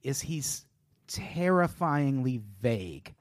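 A man's voice: mid-range voice, big pitch swings, slow, no echo, clean studio sound. A man talking earnestly and with emphasis in a casual podcast chat.

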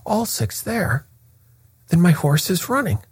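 Give me a man playing an agitated colonel, high and strained, with a husky voice. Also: big pitch swings, slow, a little mellow, exaggerated voice. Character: agitated middle-aged male racehorse-owning colonel.

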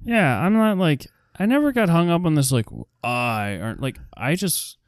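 A man's voice: a little high, big pitch swings, moderate pace, no room sound, studio quality. A man co-hosting a podcast, chatting casually and rambling with lots of fillers about a film. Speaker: podcast co-host. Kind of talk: casual chat recapping a film.

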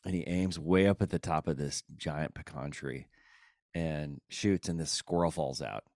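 A man's voice: rumbling low, moderate pace, darkish tone, no echo, clean studio sound. A man telling a casual anecdote in a laid-back way, laughing between lines.

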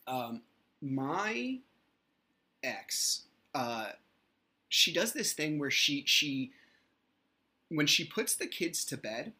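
A man's voice: on the high side, very animated, drawn-out words, pauses often, pushed and bright. A man in his thirties, hosting his own podcast solo, telling a story about his kids in a casual, rambling way. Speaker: podcast host.

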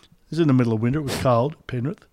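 An older Australian man spins relaxed, rambling yarns in a casual radio chat. His voice sits in a plain middle pitch, and he often restarts his sentences mid-thought. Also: rapid-fire. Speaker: former rugby league player on a sports radio show.

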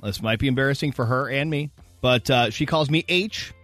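Dry, bright male radio co-host. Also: mid-range voice, fairly quick, no echo, faint music behind. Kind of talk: casual morning show banter.

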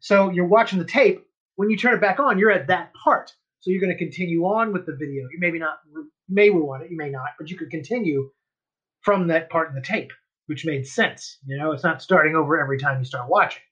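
A man's voice: on the high side, brisk, a bit bright, husky, highs cut off. A man co-hosting a podcast, chatting casually and explaining at length. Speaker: podcast co-host. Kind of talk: casual chat.

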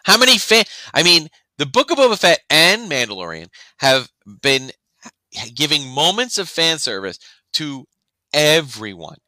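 A man's voice: on the high side, big pitch swings, unhurried, sharp tone, dry recording, poor audio. A man co-hosting a podcast in casual chat, rambling with frequent restarts and acting out other people's reactions. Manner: rambling, restarts often, acts out quoted reactions. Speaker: podcast co-host.

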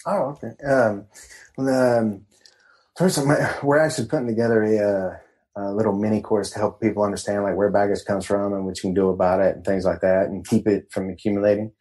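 A man guesting on a casual podcast, talking as a coach in a meandering, halting way. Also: lowish voice, fairly even intonation, warm tone, rough recording. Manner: meandering, halting, laid-back. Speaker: guest, men's empowerment coach.

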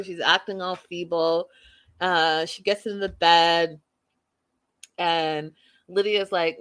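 A woman with a medium-pitched, slightly bright voice hosts a casual reality show recap at a moderate pace. She reads viewer comments aloud and offers chatty, opinionated takes filled with frequent fillers.

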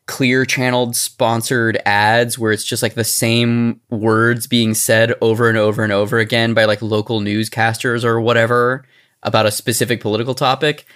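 Male podcast host, casual, reads notes aloud, mid-pitched voice. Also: fairly bright tone. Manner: chatty, filler-heavy, laughs easily. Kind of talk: casual commentary and reading from notes.

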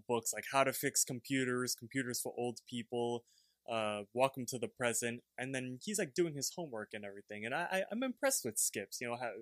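A man on a casual podcast walks through a cartoon episode beat by beat. His voice sits at an ordinary middle pitch. It sounds close and dry, with no room sound around it. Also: no echo. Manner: retells scenes lively, slipping into character voices. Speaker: podcast co-host. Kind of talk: casual plot recap.

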